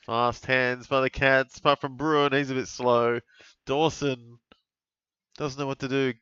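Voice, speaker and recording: A man casually commenting on a live football game for his stream, chatty and relaxed, with sudden bursts of excitement at big plays. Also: medium pitch, measured pace, clean tone, dry recording, dull audio. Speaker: fantasy football streamer calling a live watch-along.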